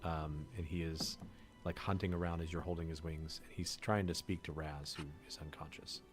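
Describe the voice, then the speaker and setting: Deep-voiced male game master. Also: steady tone, normal speed, faint music behind. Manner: loose, rambling narration with fillers. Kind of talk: narrating a tabletop game.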